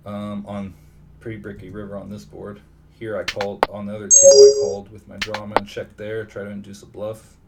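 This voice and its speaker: A man's voice: on the low side, fairly quick, loud music behind the voice. A man giving live commentary on his own online poker session, thinking aloud and muttering to himself at his computer. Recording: distant mic with steady background noise.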